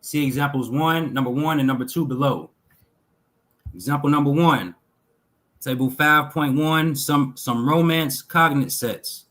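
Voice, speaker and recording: A man slowly reading lists of words aloud from a text, pausing between each item in a measured way. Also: a little high, fairly bright tone, low-quality recording. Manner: slow, measured reading with pauses between list items. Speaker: talk show host reading linguistic examples.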